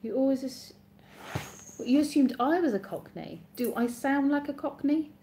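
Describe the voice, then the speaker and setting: Mellow-voiced chatty English woman. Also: high-pitched, expressive, moderate pace, a little hiss or hum. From Oxfordshire, England. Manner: chatty, rambling, self-correcting. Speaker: live streamer. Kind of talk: casual chat reading viewer comments aloud.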